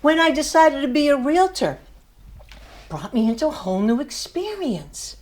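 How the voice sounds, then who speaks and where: A woman's voice: high voice, sing-song, moderate pace, darkish tone. An older woman giving a motivational speech to her class, telling a story with emphasis and laughing at herself. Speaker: student speaker.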